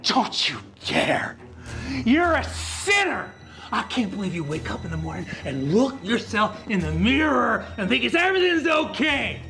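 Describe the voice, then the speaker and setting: Strict Southern church dad, very high and gravelly, shouting sermons at his son. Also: very animated, moderate pace, full character voice. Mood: angry. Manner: shouting, scolding, preachy. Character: strict, furious religious father, older man.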